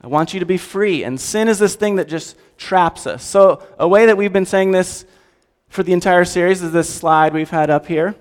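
A man gives a sermon in a casual, animated style and often turns to the audience with questions. His voice sits a little high for a man. The sound carries a long hall reverb. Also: moderate pace, clean tone. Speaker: pastor.

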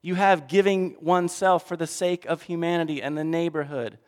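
A man preaching a sermon, often acting out characters and swinging between loud and soft. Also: fairly high pitch, fairly even intonation, moderate pace. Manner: acts out characters with voices, shifting loud and soft. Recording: long reverb of a hall.

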